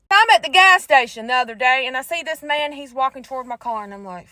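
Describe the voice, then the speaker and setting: High-voiced sassy woman testifying. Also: fast, few pauses, no room sound. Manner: sassy, animated, talks straight to listeners as "y'all". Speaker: faith vlogger. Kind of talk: casual testimony storytelling.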